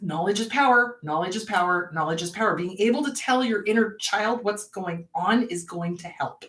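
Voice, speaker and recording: A woman therapist hosting a show explains things casually, voicing panicked inner thoughts as she goes. She speaks at a normal pace in a mid-range, fairly bright voice, and the sound is distant with a roomy echo.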